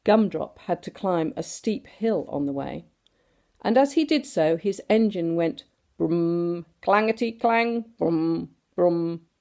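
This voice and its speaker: Woman, expressive storybook reader, warm gravelly tone, very lively pitch. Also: measured pace. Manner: animated, does sound effects and asks the listeners questions. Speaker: storyteller reading to children. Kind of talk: expressive storybook reading aloud.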